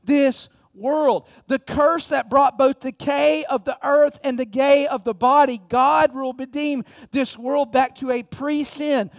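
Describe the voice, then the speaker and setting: A pastor preaches with a strikingly high voice, fervent and emphatic, often starting lines with "man". His voice is close and dry, with almost no room sound. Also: steady tone, slow, hardly any pauses, dry recording. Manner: impassioned preaching, reads scripture aloud, repeats "man". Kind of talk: sermon.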